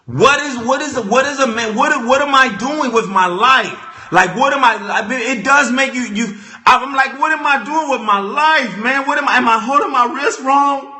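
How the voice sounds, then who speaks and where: A young man telling a comic story as a vlogger, animated and repetitive, stumbling over restarts. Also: very high-pitched, normal speed. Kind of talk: comedic storytelling rant. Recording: echoey room.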